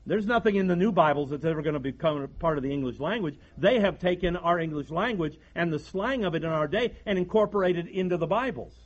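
High-voiced preacher, folksy. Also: male voice, expressive, fast, few pauses, dull audio. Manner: folksy, repeats words and restarts sentences. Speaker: pastor. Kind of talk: sermon.

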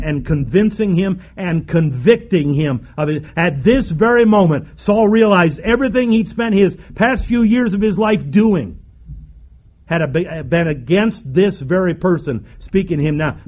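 A man preaching a sermon emphatically, with repeated phrases and dramatic pauses. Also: fairly high pitch, highs cut off.

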